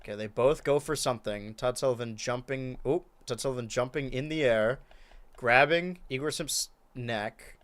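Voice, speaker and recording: A young man streaming and commentating a wrestling video game, excitable, shouting and pleading at big moments and muttering through his math. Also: mid-range voice, moderate pace. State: out of breath.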